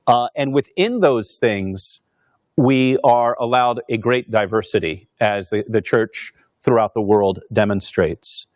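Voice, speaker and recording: A man's voice: fairly low pitch, unhurried, dry recording, studio quality. A man, a pastor, giving an informal lecture in a conversational way, with many fillers and restarts. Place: Northern Virginia parish pastor speaking at a university.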